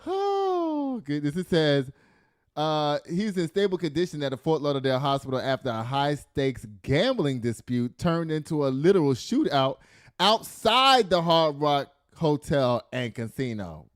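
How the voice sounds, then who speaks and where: A man hosting a casual celebrity gossip show, reading news aloud with animated, profane commentary and frequent laughter. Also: fairly high pitch, normal speed. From the Bronx. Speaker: podcast host.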